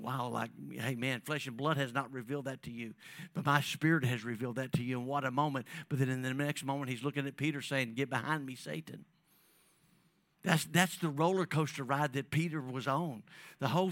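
A man preaching a sermon, calling on the congregation and swinging between loud emphasis and soft, drawn-out phrases. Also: mid-range voice, no echo. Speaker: pastor.

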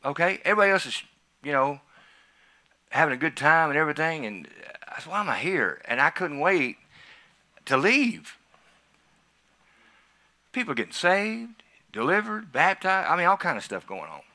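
Bright, animated male preacher. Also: fairly high pitch, moderate pace, long pauses. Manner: animated storytelling, swings from quiet to loud. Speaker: pastor. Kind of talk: sermon testimony.

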